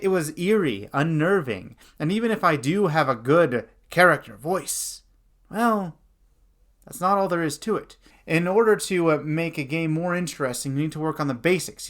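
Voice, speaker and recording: A young man as host and dungeon master, giving an animated lesson on character voices and demonstrating them. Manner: animated, shifts pitch and loudness to demonstrate voices. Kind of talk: instructional talk with voice demonstrations.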